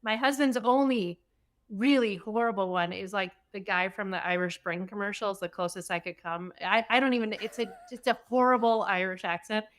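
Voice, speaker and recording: A middle-aged woman, a remodeling guest on a podcast, chatting in a lively, talkative way. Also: mid-range voice, moderate pace. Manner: chatty, animated, laughs easily. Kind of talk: casual interview chat.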